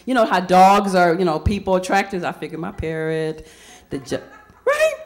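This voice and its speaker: A woman's voice: fairly low pitch, very animated, moderate pace. A woman from Indiana doing a stand-up comedy set, chatty and quizzing the crowd with questions. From Indiana, USA.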